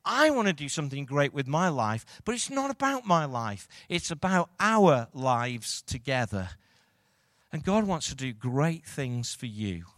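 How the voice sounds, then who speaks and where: A male pastor preaching a sermon, moving from quiet reflection to loud, rousing calls to the congregation. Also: mid-range voice, big pitch swings, a little slow, no room sound, studio quality.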